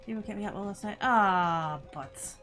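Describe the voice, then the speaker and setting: A woman streaming a game, chattering to herself and her viewers, squealing with excitement now and then. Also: mid-range voice, moderate pace. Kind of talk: casual gameplay livestream chatter. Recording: game music playing underneath.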